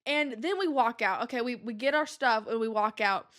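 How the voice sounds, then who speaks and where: A young woman with a high, bright-sounding voice chats through a casual podcast monologue. She talks in an animated, exasperated rush of "like" and "um" while telling personal stories. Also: normal speed. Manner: animated and exasperated, with lots of fillers like "like" and "um". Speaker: podcast host.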